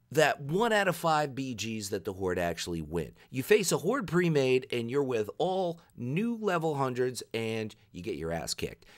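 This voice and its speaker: A man giving opinionated commentary on a video game, telling stories in an animated rant. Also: mid-range voice. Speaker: gaming video creator.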